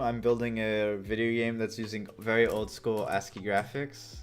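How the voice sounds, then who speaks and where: A man's voice: lowish voice, little pitch movement, moderate pace, soft background music. A man live-streaming as he codes, rambling and joking as he thinks aloud. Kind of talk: casual live-coding stream.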